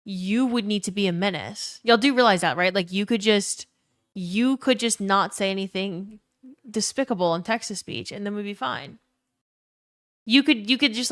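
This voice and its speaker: A young woman talks quickly and loosely on her live stream, greeting chat by name and swearing freely. Her voice sits in a middle range, recorded close and dry at home. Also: medium pitch, fairly bright tone, no echo. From Louisiana. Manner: fast-talking, swears freely, greets chatters. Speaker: livestreamer. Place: home room.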